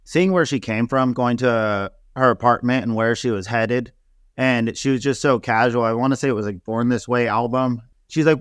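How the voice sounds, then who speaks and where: A man talking casually in an interview, telling stories in an animated way and full of fillers. His voice sits in a middle range. The recording is dry and close, with no room sound. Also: medium pitch, normal speed, clear, resonant tone, no echo. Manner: animated, laughing storyteller with many fillers. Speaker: celebrity hairstylist guest.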